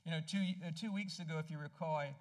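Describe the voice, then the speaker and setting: A man preaching a sermon in a conversational way, asking his congregation questions and dropping soft and low when he tells personal stories. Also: quick pace. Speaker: pastor.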